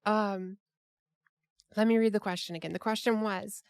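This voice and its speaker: A woman's voice: medium pitch, steady tone, a little fast, darkish tone, clean tone, no echo, clean studio sound. A woman hosting a casual group chat over a call, rambling with many restarts and fillers. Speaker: podcast host.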